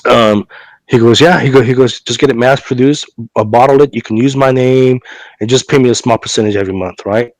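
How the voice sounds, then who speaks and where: Man, podcast co-host, casual storytelling, mid pitch, lots of ums and restarts, dry close sound. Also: fairly quick, no room sound, low-quality recording. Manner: chatty, many fillers and repeated words; acts out both sides of a conversation. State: recovering from a cough and fever.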